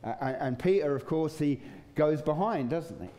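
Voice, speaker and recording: A man's voice: fairly high pitch, animated, normal speed, mellow. A man preaching a sermon in a casual, conversational way, chuckling now and then. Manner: conversational, chuckling, acts out voices in stories. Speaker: pastor. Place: church.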